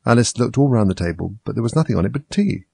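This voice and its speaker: Gravelly, husky man reading a storybook. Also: medium pitch, animated, fast talker, a little mellow, no echo. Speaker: narrator.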